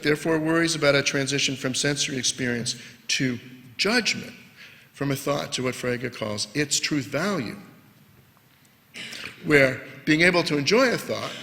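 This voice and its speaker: A man giving an academic philosophy lecture, measured and leaning hard on key words. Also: mid-range voice, vocal fry, pushed and bright. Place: lecture hall. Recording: lecture hall with long reverb.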